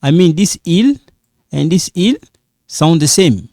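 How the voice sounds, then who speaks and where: A man teaching a grammar lesson, slow and repetitive, checking in often with "okay?". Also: a little high, expressive, warm tone, no echo, studio quality. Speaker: French teacher.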